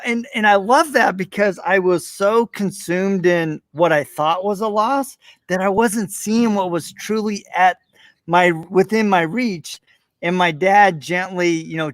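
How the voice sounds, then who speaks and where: A man with a notably high speaking voice hosts a podcast conversation, drifting into animated, heartfelt storytelling. He reenacts his own childhood moments, voice climbing as feelings rise. The sound is dry and close, with no room around it. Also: no echo. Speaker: podcast host. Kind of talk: conversational interview, personal storytelling.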